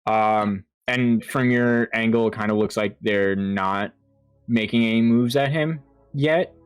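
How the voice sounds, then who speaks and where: A man running a tabletop horror game as game master, talking in a halting way with lots of fillers and restarts. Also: on the low side, smooth, dry recording, soft background music.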